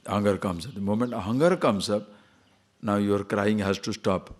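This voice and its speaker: A spiritual teacher with a lowish voice gives a conversational lecture on scripture. He poses rhetorical questions and slowly chants verses.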